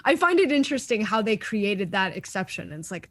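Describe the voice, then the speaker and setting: A woman's voice: mid-range voice, sing-song, brisk, no room sound. A woman co-hosting a chat show, giving thoughtful takes with giggles along the way. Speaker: co-host. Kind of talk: casual chat.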